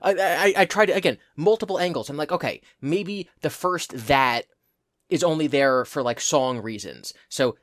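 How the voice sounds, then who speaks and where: A man's voice: on the high side, animated, unhurried, fairly bright tone, no room sound, studio quality. A man co-hosting a casual podcast, rambling and exasperated as he laughs at himself. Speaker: podcast co-host. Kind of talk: casual chat.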